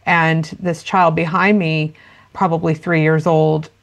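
Low, gravelly woman explaining. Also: flat delivery, unhurried. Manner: earnest, explanatory, many fillers. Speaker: parenting expert guest. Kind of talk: interview conversation.

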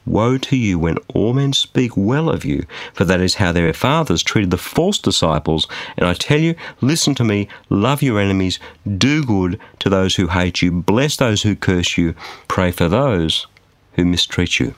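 Lively emphatic male preacher. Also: sits low, unhurried, no room sound. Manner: emphatic, rhetorical questions. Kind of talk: studio sermon.

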